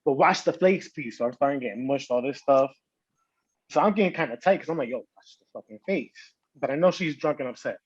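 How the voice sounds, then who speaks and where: A man's voice: medium pitch, fairly quick, breathy edge, no echo, dull audio. A man on a podcast telling a story in casual slang, acting out what people said. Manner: animated, slangy storytelling with quoted voices. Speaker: podcast host.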